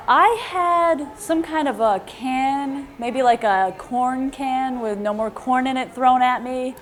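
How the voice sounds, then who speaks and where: Casting: woman in a casual interview, wry and offhand, voice a bit high. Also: slow pace, a little hiss or hum. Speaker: moped club member.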